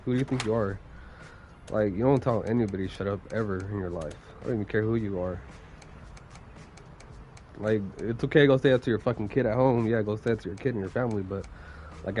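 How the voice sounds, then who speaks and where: Young man streamer, lowish voice, getting over a cold with a cough, rambling and profane, faint hum behind. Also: a little mellow. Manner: rambling, profane, heavy use of "like". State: recovering from a cold, coughing now and then. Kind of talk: casual stream chat.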